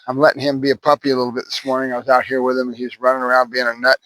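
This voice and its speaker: A man's voice: mid-range voice, monotone, very fast, fairly bright tone, no room sound, low-quality recording. A man working as a dog trainer outdoors, talking to the camera while cueing and praising a puppy, often tagging "right?" on his points. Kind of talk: running commentary during training.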